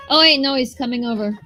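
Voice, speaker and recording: A woman's voice: a little high, poor audio. A woman chatting casually on a livestream, teasing and laughing often. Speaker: comic creator.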